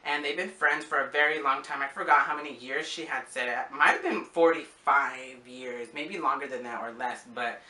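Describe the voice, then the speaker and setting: A man's voice: mid-range voice, normal speed, few pauses, sharp tone, distant mic. A young man from Arizona telling a personal story in a casual, rambling vlog, with many fillers. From Arizona, USA. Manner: rambling, with frequent fillers and acted-out quotes. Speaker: vlogger. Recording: echoey room.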